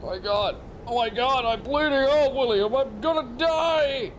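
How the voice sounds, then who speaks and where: A man voicing a panicked, wounded male accomplice in a horror game, yelling high and shaky. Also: animated, unhurried, slight background noise, low-quality recording.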